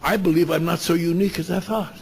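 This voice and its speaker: A man's voice: fairly high pitch, fairly even intonation, fast talker, vocal fry, husky. A man voicing an anguished middle-aged male doctor who drinks, speaking with pleading, emotional exclamations.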